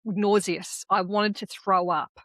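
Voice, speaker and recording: An Australian woman co-hosting a podcast, chatting casually and telling candid, animated stories with the odd swear word. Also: medium pitch, slow, no echo. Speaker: podcast co-host. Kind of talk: casual conversational chat.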